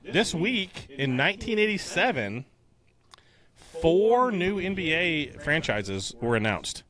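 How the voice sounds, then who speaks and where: A man in his thirties co-hosting a casual podcast, animated and chatty. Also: on the high side, takes it slowly. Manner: animated, quotes movie lines in silly voices. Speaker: podcast co-host.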